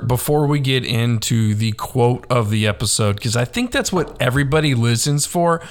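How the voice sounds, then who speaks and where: A man's voice: mid-range voice, lively intonation, moderate pace. A man co-hosting a casual podcast, joking and upbeat as he urges listeners to leave reviews. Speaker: podcast co-host.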